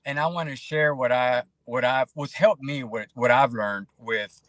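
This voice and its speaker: A man in casual podcast conversation as a guest, talking in an animated, preachy way and acting out quoted voices. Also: mid-range voice, measured pace.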